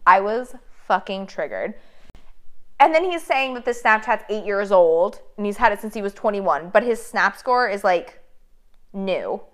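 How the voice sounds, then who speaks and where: A woman's voice: mid-range voice, lively intonation, a little slow, fairly bright tone. A woman in casual chat, telling a story animatedly, swearing and quoting messages.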